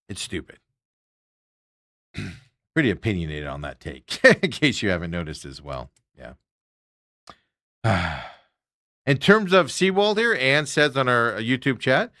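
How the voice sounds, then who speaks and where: A man hosting sports talk radio, ranting hard and mocking the players he is angry about. His voice is bright and forceful, his pitch jumps around a lot, and the studio sound is dry and close. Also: no room sound.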